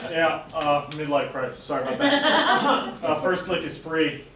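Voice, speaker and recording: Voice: medium pitch, big pitch swings, measured pace. An improv performer playing a jovial gelato shop owner with a fake Italian accent and a hammy manner. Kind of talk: live improv comedy. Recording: distant, very echoey stage, loud noise.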